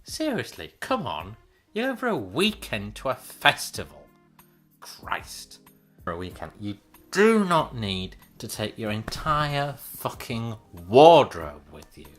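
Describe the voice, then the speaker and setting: A man in his late twenties with a Northern English accent rants to his camera, exasperated and sarcastic, with plenty of swearing. His voice has a bright, forceful edge. Faint music plays quietly behind him. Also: medium pitch, wildly swooping pitch, measured pace. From Northern England. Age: late 20s. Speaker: vlogger. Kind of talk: ranting vlog monologue.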